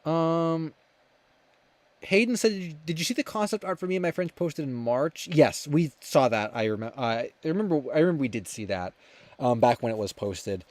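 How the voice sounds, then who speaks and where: A man's voice: on the high side, expressive, normal speed, darkish tone, dry recording. A young man hosting a livestream, chatting casually and reading viewer comments aloud, rambling with many fillers and restarts. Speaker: livestream host.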